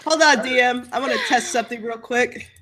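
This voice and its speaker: A woman playing a tabletop game who chats casually over a call, joking and teasing between laughs. Her voice sits a little high. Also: steady tone, brisk, sharp tone, slight background noise. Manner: playful, teasing, laughs a lot.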